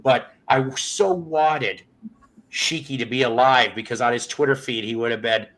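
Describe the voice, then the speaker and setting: A man's voice: medium pitch, moderate pace, a bit bright, rough recording. Rambling, jokey man hosting a show. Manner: rambling, jokey, swears freely. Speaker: podcast host. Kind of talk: casual chat.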